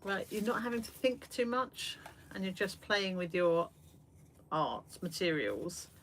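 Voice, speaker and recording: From a small shed studio, an Englishwoman runs an art livestream at an unhurried pace. Her medium-pitched voice swings widely in pitch as she rambles with fillers and pokes fun at herself, with faint noise in the background.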